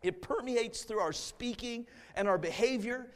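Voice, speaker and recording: A man preaching a fervent revival sermon as a guest preacher in a church, swelling to shouts. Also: very high voice, a little slow. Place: church sanctuary. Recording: long church-hall reverb.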